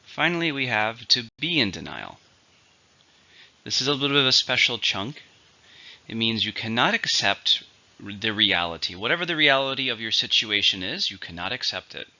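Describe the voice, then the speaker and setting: A man's voice: mid-range voice, big pitch swings, normal speed, pushed and bright. A man teaching an English vocabulary lesson, going methodically through each word's syllables and stress. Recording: dull lo-fi recording.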